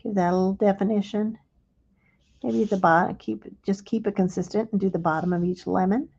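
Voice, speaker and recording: A woman with a gravelly, warm, mellow voice walks viewers through a live craft demonstration. She explains each small step gently and without hurry. The sound is dull and lo-fi, like a livestream. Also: medium pitch, steady tone, fairly quick. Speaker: craft instructor.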